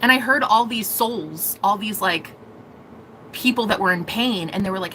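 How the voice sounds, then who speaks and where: A young woman telling a personal story to camera in a casual, animated way, swearing and laughing often. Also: medium pitch, normal speed, slight background noise, low-quality recording. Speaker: vlogger.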